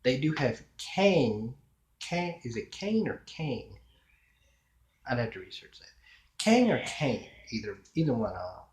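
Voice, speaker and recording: A man's voice: medium pitch, very animated, a little mellow, roomy sound. A man rambling to camera in a casual solo vlog, drawing out words and chuckling as he muses. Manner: slow, drawn-out words with chuckles. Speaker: vlogger.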